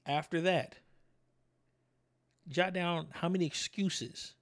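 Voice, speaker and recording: A man hosting a motivational video speaks slowly, his fairly high voice steady in tone. Addressing viewers directly, he fires rhetorical questions at them and repeats key words for emphasis.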